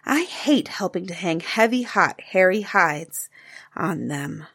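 A woman's voice: on the low side, expressive, slow, fairly bright tone, breathy edge, no echo, clean studio sound, heavily acted. A woman voicing an eager, chattering little cave girl in a storybook reading.

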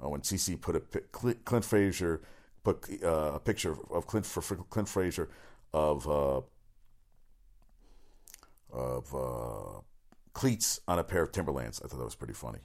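A man hosting a casual solo sports talk show, rambling quickly from item to item with lots of fillers and swearing. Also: extremely low pitch, expressive, darkish tone. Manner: rapid, rambling, profane, with many fillers.

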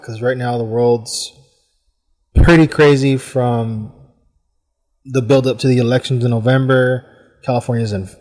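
A man from the United States hosts his podcast, musing aloud in a loose, rambling way and filling pauses with "I mean." His voice sits at an ordinary middle pitch for a man. It carries a long reverb tail, as if he were speaking in a large, echoing space. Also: a little mellow. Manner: rambling, thoughtful, many "I mean" fillers. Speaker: podcast host. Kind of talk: casual reflective monologue. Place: hot room at home with fans running.

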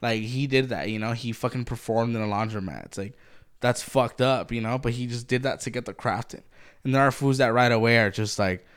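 A man's voice: medium pitch, steady tone, fairly quick, smooth. A man co-hosting a podcast in casual chat, blunt and swearing constantly, with lots of "like". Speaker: podcast co-host.

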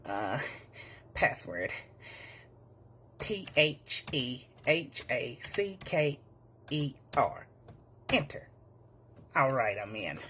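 A man's voice: mid-range voice, sing-song, extremely slow, pauses often, bright, forceful tone. A young man rambles through a comedic sketch monologue in a flustered, whiny panic. Keyboard clatter and a faint hiss sit behind him. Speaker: comedy skit performer.

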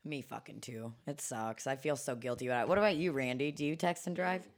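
A woman's voice: a bass voice, fairly quick. A woman co-hosting a podcast in casual chat, laughing often and swearing freely. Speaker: podcast co-host. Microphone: studio microphone.

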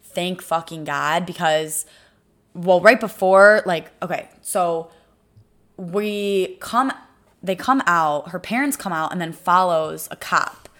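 A woman's voice: fairly low pitch, takes it slowly. A young woman chatting casually and rambling through a story with fillers. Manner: relaxed, rambling, filler-heavy. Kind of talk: casual chat.

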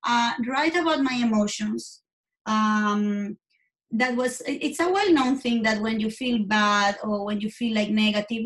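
A woman guest, not a native English speaker, speaking candidly and earnestly in an interview, often restarting her sentences. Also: fairly high pitch. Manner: earnest, halting, many restarts.

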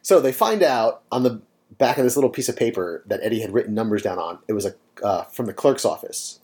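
A man's voice: fairly low pitch, lively intonation, a little fast, darkish tone. A man co-hosting a casual podcast, recapping a TV episode in a laid-back, sarcastic way with lots of ums. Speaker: podcast co-host.

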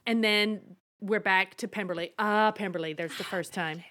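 A woman's voice: mid-range voice, normal speed, bright, forceful tone. Woman, podcast co-host, casual recap chatter, blunt and laughing. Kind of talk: casual chat recapping a period drama.

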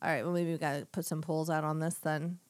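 A woman's voice: deep voice, little pitch movement, fast, no echo. A woman co-hosting a casual podcast, giggling and riffing on absurd bits. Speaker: podcast co-host.

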